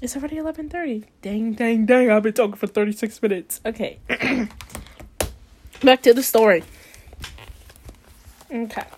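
A woman's voice: a little high, normal speed, pauses often, darkish tone. A woman hosting a casual podcast who reads a bedtime story aloud and often rambles off topic, peppering her talk with "like.". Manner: rambling, drifts off topic, frequent "like" fillers. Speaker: podcast host.

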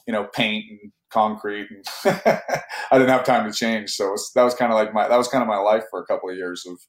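A man's voice: lowish voice, fairly even intonation, fast, echoey room, low-quality recording. A man from Northern California, an actor telling a long story in a casual interview, rambling with many fillers and restarts.

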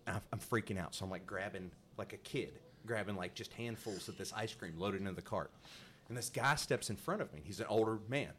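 A man's voice: on the low side, fairly quick, a little hiss or hum. A male podcast host telling a story in casual chat, laughing often and acting out the voices of the people in it. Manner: animated, laughing, acts out voices in his anecdotes.

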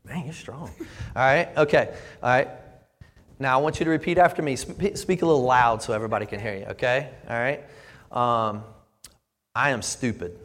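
A man's voice: mid-range voice, normal speed, a bit bright. A male pastor preaching a sermon in earnest, often repeating his words as he builds up. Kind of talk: sermon with live demonstration. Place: church sanctuary. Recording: long reverb of a church hall.

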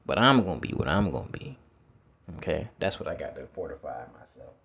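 A man's voice: a bass voice, sing-song, fairly quick, vocal fry, a bit bright, slightly rough. A man who works as a teacher, talking through his thoughts in a casual, reflective monologue outdoors, repeating words and swearing now and then. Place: outdoors with feet in water.

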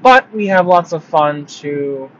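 A young man talking through his travels in a casual vlog, rambling and animated, with lots of filler words. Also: a little high, slow, slight background noise. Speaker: vlogger. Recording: slightly muffled lo-fi sound.

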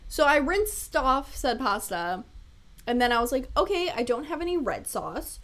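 A woman's voice: high voice, very animated, moderate pace, a bit bright. A young woman hosting her own podcast, chatting casually on her own, laughing often and swearing freely. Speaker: podcast host. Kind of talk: casual solo podcast chat.

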